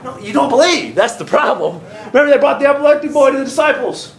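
A man preaches quickly in a church that echoes, his voice high and gravelly, his style folksy and animated. To make his points land, he often breaks into small acted-out voices as the congregation answers with amens.

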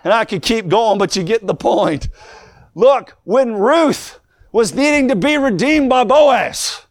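A man preaching with a high, gravelly voice, his delivery swinging between soft asides and shouted, almost sung lines. He keeps a rhythmic, sing-song preaching cadence throughout. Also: lively intonation, unhurried, no echo. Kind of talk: fiery sermon.

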